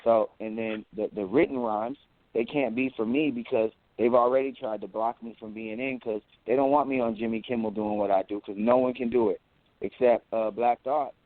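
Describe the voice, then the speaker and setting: A man's voice: mid-range voice, normal speed. Boastful man over tinny phone-like sound. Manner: boastful, animated storytelling, repeats words. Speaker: interview guest, rapper. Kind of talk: casual interview talk.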